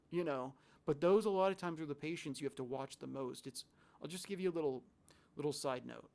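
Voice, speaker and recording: A man's voice: medium pitch, creaky. A man who worked in a psychiatric hospital, telling stories in a loose, rambling way with restarts and quoted asides. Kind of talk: casual storytelling to camera.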